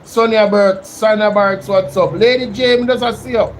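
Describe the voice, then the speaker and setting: A man's voice: sits high, fairly even intonation, moderate pace, slight background noise, rough recording. A man with a Jamaican accent hosting a casual live-stream reaction, chatting to his viewers. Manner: chatty, addresses viewers by name. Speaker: YouTube reaction host.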